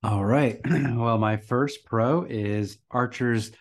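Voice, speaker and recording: A man's voice: mid-range voice, slow. A man co-hosting a podcast, chatting casually about a TV episode and chuckling often. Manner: relaxed, chuckles often, frequent restarts. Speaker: podcast co-host. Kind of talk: casual chat.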